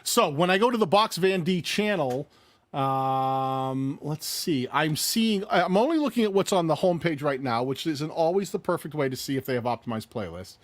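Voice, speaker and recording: A man co-hosting a live-stream channel review game show, playful and lively, thinking aloud as he reads. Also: a little high, moderate pace, dry recording. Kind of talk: casual live-stream banter and channel critique.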